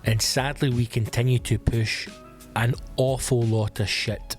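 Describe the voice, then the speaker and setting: A Scottish man hosting a solo comedy podcast, swearing and ranting in an excitable, animated way. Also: mid-range voice, measured pace, faint music behind. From Scotland. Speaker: podcast host.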